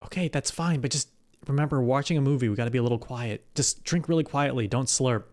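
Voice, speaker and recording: A man hosting a live stream, chatting casually in role-play and telling his companion to keep quiet. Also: mid-range voice, fast. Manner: laid-back, mildly exasperated, hushed scolding. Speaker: streamer host.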